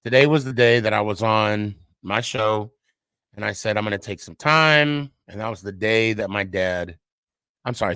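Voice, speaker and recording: A middle-aged man hosting a podcast, speaking in a halting, heartfelt personal monologue with frequent restarts. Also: fairly low pitch, bright, forceful tone, clear, resonant tone, dry recording. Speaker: podcast host.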